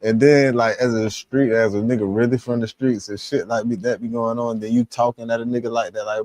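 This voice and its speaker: Man commentator, loose slang-heavy reaction talk, dry close mic, middle pitch. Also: a little fast, few pauses, dry recording. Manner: animated, acts out quotes with rising pitch, lots of slang. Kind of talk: casual reaction chat.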